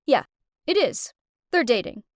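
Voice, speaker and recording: Woman voicing a calm young man. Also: high voice, a little fast, no echo, studio quality. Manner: calm, matter-of-fact. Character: calm young man, a friend relaying news.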